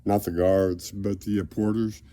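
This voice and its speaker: A man rambling grandly in a direct-to-camera monologue, drifting between loud declarations and low mumbles. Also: flat delivery, measured pace. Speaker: vlogger addressing a celebrity.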